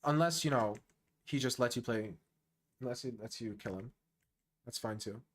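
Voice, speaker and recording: A man streaming casual live chess commentary, excitable and slangy, talking straight to the player he is watching. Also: mid-range voice, normal speed.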